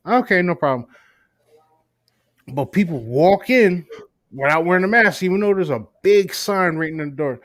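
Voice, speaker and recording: A man's voice: on the high side, animated, moderate pace, no echo, studio quality. A man co-hosting a casual talk show, telling workplace stories in a laid-back, swearing way and acting out customers. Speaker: podcast co-host. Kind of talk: casual chat. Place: works at a gas station in New York City.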